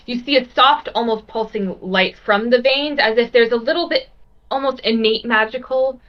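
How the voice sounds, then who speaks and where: A woman narrates as game master, leading her players through a dark scene. Her voice is bright and clear, and she tells the story at a measured pace, slipping in soft fillers now and then. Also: medium pitch, dull audio.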